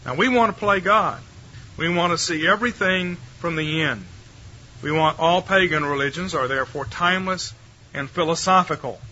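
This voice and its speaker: A man's voice: on the high side, normal speed, sharp tone, lo-fi sound, a little hiss or hum. An older man giving a theology lecture to a live audience in a wry, conversational way, putting rhetorical questions to his listeners.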